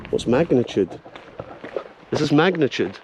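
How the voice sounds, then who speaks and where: A Scottish man hosting a casual travel vlog outdoors, narrating excitedly and joking as he walks around a festival campsite. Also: mid-range voice, unhurried. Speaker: vlogger host. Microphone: handheld camera. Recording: outdoor camera audio with steady noise.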